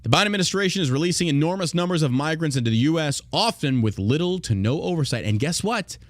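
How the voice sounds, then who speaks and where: A man's voice: fairly high pitch, lively intonation, quick pace, no room sound, studio quality. A man hosting a political podcast, reading news aloud and ranting in a heated, profane way. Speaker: podcast host.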